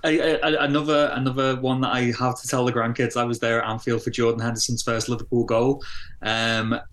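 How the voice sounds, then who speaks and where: Guy cohosting a football podcast, mid-pitch, laid back, kinda stumbling over words. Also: flat delivery, a little fast, a bit bright. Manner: hesitant, restarts words, easygoing. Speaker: podcast co-host. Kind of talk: casual football chat.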